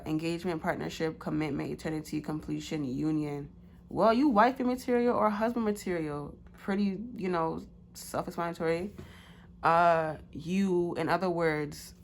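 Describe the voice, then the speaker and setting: A woman's voice: low voice, vocal fry, slight background noise. A woman giving a casual pick-a-card tarot reading, loose and slangy with many fillers.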